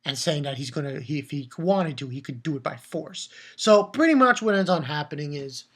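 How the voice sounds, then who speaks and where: A man giving a casual solo review, rambling in an animated way, swearing often and restarting his sentences. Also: fairly high pitch, fairly quick. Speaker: manga reviewer.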